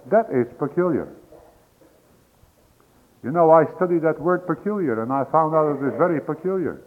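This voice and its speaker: A man's voice: mid-range voice, animated, measured pace, long pauses. A man preaching a sermon as pastor, building to emphatic peaks with homely grammar slips. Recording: dull lo-fi recording.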